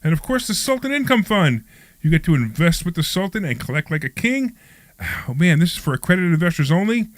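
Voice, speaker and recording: A man's voice: high-pitched, very animated, fairly quick, no echo. A man hosting a live radio talk show from a studio, reading an upbeat intro and then chatting loosely with his co-hosts. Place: studio at a training office.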